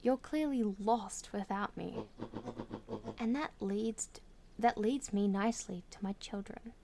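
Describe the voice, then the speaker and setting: An Australian woman voices a pompous, cruel old male bird villain in a storybook game, gloating in a theatrical, sneering, slow and grand manner. Her voice is mid-range and only lightly acted, with background noise.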